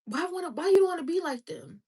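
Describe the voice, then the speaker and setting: A woman's voice: very high-pitched, expressive, quick pace, a little mellow, far from the mic. A woman giving an emotional, preachy faith monologue, repeating her exhortations with passion and at times crying. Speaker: vlogger.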